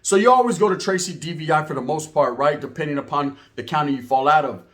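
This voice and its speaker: Male storyteller, slightly high voice, casual and profane, animated, acts out the voices of others. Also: fast talker. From California.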